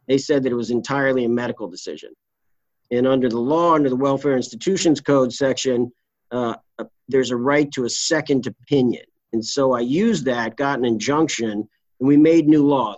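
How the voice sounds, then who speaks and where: A middle-aged man, a trial lawyer and interview guest, telling his case stories in a blunt, salty, animated way. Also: mid-range voice, no room sound, muffled recording. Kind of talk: candid storytelling interview.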